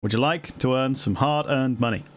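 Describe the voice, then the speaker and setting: A man's voice: medium pitch, moderate pace. A man playing a tabletop game, scheming and laughing often, in a casual chat. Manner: scheming, laughs often, restarts mid-sentence. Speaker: player.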